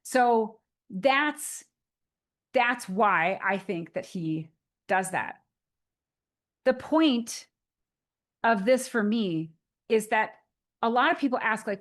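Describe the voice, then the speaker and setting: A woman's voice: a little high, animated, measured pace, pauses often. A woman in her forties giving a casual motivational talk to the camera, retelling movie scenes in a chatty storytelling way. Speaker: motivational speaker.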